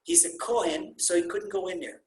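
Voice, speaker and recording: A rabbi teaching an informal Torah class on a video call, telling stories with animated, repeated emphasis and Hebrew terms mixed into his English. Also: high-pitched, a little fast, a little hiss or hum. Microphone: computer mic on a video call. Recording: roomy echo on a video call.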